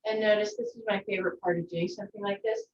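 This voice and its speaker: A woman teaching a yoga class from home, giving gentle, encouraging instructions. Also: medium pitch, fairly even intonation, fast talker, slight background noise. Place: her home. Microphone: video call from a distance. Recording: echoey, distant, dull video-call audio.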